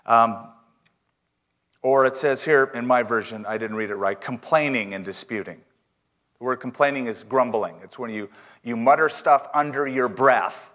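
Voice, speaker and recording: A man preaching a sermon in church, reading scripture slowly and emphatically, with joking asides. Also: mid-range voice, fairly bright tone. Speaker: pastor.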